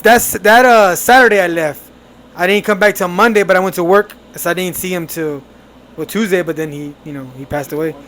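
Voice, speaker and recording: A young man co-hosting a podcast, telling a family story in casual, animated chat with laughs. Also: sits high, fairly quick, slight background noise. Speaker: podcast co-host.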